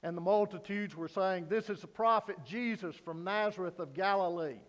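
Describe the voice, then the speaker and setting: Pastor, male, high voice, unhurried delivery, earnest sermon in a reverberant sanctuary. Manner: earnest preaching, rising to loud emphasis then dropping low. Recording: long hall reverb.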